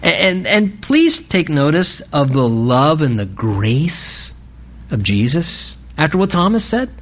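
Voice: medium pitch, very animated, slow pace. A pastor preaching a sermon in a conversational, emphatic way, often repeating key phrases for weight. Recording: dull lo-fi recording.

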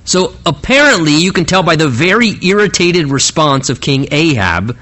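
Male pastor, fairly high voice, casual sermon delivery with stammered restarts. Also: big pitch swings, normal speed, sharp tone. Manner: conversational, frequent stammered restarts. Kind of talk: sermon, Bible teaching.

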